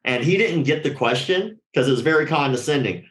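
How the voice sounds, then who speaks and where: A man's voice: on the high side, a little fast, echoey room. A man telling a story casually and with lots of swearing, acting out the voices of the people he quotes. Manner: animated, profane, acts out quoted voices.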